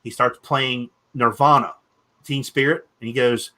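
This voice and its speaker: A man's voice: mid-range voice, fairly even intonation, a little slow, pushed and bright. A man in his thirties hosting a casual chat, telling rambling stories and swearing casually. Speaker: podcast host.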